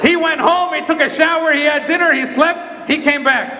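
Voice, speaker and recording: A male comedian from Nazareth doing stand-up on a stage mic, telling a story in an animated way and acting out the dialogue. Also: very high voice, moderate pace, a crowd in the background, noisy background. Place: large event hall stage. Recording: echoey hall with live audience. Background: audience.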